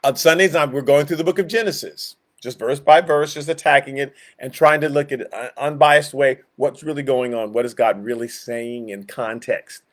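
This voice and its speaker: A man teaching a Bible study as a pastor, animated and acting out the voices he quotes to online viewers. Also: medium pitch, normal speed, hardly any pauses. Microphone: streamed to online viewers.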